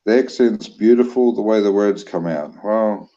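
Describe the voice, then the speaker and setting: A New Zealand man with a low, mellow voice chats at an unhurried pace on a livestream, easygoing and joking as he answers comments. The sound is dull and lo-fi. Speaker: livestream co-host reading chat. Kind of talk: casual livestream chat.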